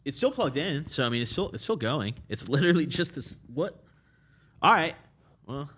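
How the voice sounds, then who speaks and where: A tipsy young man hosts a casual podcast chat, his pitch swinging up and down as he rambles. His talk is loose and full of swearing. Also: sing-song, moderate pace, a bit bright, husky. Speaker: podcast host. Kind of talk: casual drunk interview chat. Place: small cluttered podcast studio corner.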